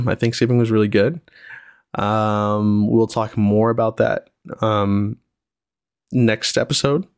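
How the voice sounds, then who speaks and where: A young adult man hosting a casual solo podcast, reflective and relaxed, with many ums and you-knows. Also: lowish voice, gravelly, no room sound, studio quality. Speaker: podcast host, single father.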